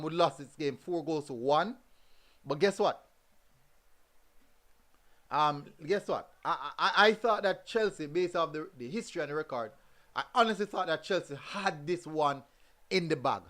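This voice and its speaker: A fairly high-voiced man with a lilt talks through football results in a loose, chatty review. He hammers his points home by saying the same phrase twice. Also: a bit bright. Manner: repeats phrases for emphasis. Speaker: football review show host. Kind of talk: casual live football review talk.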